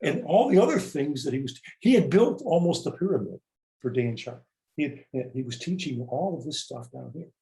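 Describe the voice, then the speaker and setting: A man's voice: on the high side, animated, normal speed, gravelly, warm tone, roomy sound, poor audio. A man hosting an interview in a reflective way, retelling stories and quoting people as he asks questions. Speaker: podcast host. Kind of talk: conversational interview.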